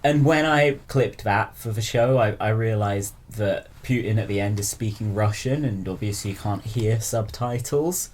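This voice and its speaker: A man's voice: fairly low pitch, moderate pace, few pauses. A man hosting a podcast, chatting at home in a giggly, rambling, jokey way. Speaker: podcast host. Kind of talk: casual commentary chat. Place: living room at home.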